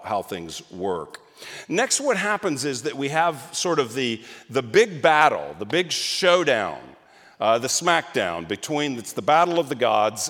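A man preaching a sermon as pastor, emphatic and animated, with frequent restarts, in a church. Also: medium pitch, in a large hall.

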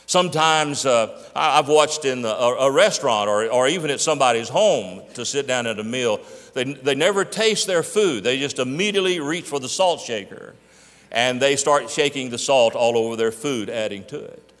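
A male pastor delivers a sermon in a middle-pitched voice, drawing out key words for emphasis. His voice rings with the long reverb of a large hall. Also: moderate pace, a bit bright.

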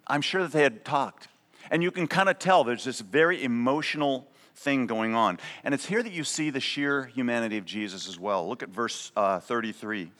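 A man's voice: mid-range voice, a bit bright. A man preaching a sermon as pastor, conversational and emphatic, often checking in with a "right?". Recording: long reverb of a large hall.

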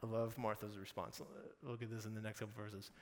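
A man's voice: on the low side, flat delivery, fairly quick, a little mellow. A man preaching a casual sermon, retelling scripture in conversational everyday slang. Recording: reverberant hall, faint background noise.

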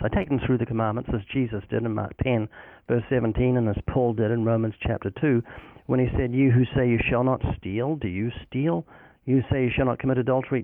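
A man's voice: medium pitch, no room sound. Guy preaching earnestly on a tinny phone line, dry sound, acts out little back-and-forths. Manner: earnest preaching delivery, quoting scripture and acting out dialogues. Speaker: evangelist guest. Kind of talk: recorded phone interview about faith.

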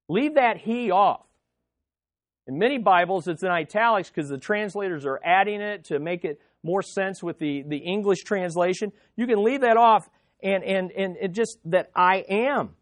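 A man's voice: high voice, animated, normal speed, no room sound. A man preaching a sermon as pastor, emphatic, repeating key phrases and leading the congregation to say them back.

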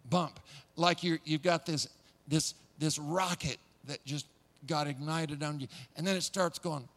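A male preacher with a somewhat high voice delivers a sermon in a lively storytelling manner. He builds excitement, doubles back on his words and chuckles as he goes. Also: moderate pace.

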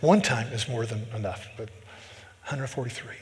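A man preaches as a pastor, pressing each point with emphatic repetition. His voice sits at a middle pitch. It rings out with a long reverb, as if recorded in a large church sanctuary. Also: normal speed. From American South. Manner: emphatic, repeats words when building a point. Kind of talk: sermon.

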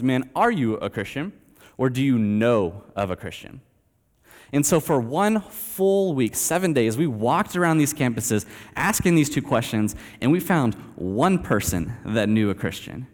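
A man's voice: medium pitch, darkish tone. A young man from Texas telling a story in a sermon, casual and self-deprecating, dropping "man" and "like" throughout. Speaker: preacher. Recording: reverberant hall.

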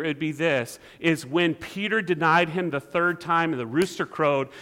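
A man preaching a sermon as pastor, animated, acting out the voices he quotes. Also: fairly high pitch, big-room sound.

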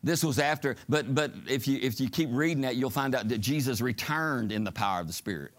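A man with a mid-range voice preaches a fervent sermon at a brisk clip, building to shouting climaxes. He keeps asking the congregation for call-and-response amens, adding asides along the way.

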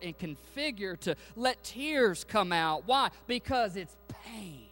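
A male preacher delivering a sermon in an unhurried, deliberate rhythm, with a voice that sits a little high for a man. He drops to near whispers, then builds to loud, impassioned peaks, calling out questions to his congregation. Soft instrumental music plays faintly underneath. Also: lively intonation. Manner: dynamic preaching, swinging from hushed to loud and fervent; addresses congregation directly, asks them questions. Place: church sanctuary.

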